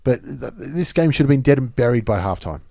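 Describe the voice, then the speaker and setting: An Australian man breaks down a footy match in easy podcast banter, mid-pitched and quick to laugh. His voice sits close to the mic, dry and plain. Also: animated, creaky, dark tone, dry recording. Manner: laughs often, analytical match talk. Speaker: podcast co-host. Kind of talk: casual sports chat.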